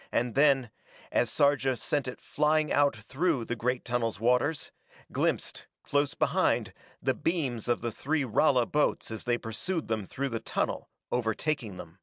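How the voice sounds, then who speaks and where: A man reading a pulp adventure story aloud as a dramatic, steady narrator. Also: mid-range voice, no echo, studio quality. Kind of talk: scripted audiobook narration.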